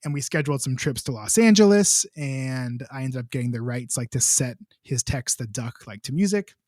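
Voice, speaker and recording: A man's voice: medium pitch, lively intonation, normal speed, a little mellow, no room sound, clean studio sound. A young adult man, a composer, telling a long story in a casual, rambling way, full of filler words. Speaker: composer, podcast guest.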